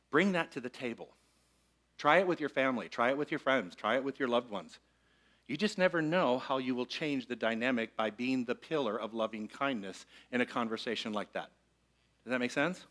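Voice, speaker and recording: A man preaching a relaxed, conversational sermon to a live congregation. His voice is bright and forward, and he often pauses to invite the room to repeat a line with him. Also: medium pitch. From Michigan. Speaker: minister. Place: church sanctuary with congregation.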